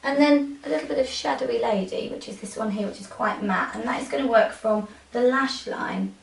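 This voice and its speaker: A woman makeup artist narrating a tutorial, giving soft, coaxing instructions to her model as she works. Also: on the high side, a little fast, creaky. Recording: roomy, from a distance.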